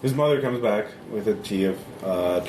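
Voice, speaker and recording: A man narrating as game master in a tabletop game, halting with many fillers. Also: lowish voice, a little mellow. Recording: echoey room from a distance, background noise.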